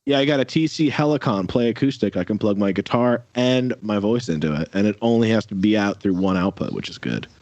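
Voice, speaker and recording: A man talks casually in an interview, rambling and circling back with lots of fillers. His voice sits on the low side and sounds dry and dull, like lo-fi audio from a video call. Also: brisk, few pauses, darkish tone, no room sound. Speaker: musician guest.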